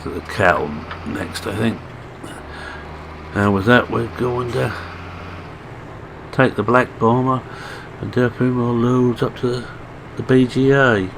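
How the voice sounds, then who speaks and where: A Scottish man who hosts a gaming channel thinks aloud while playing a farming game, offering casual, self-deprecating commentary. His mid-range voice is creaky and steady in tone, unhurried with long pauses. Game engine and vehicle noise sit behind him.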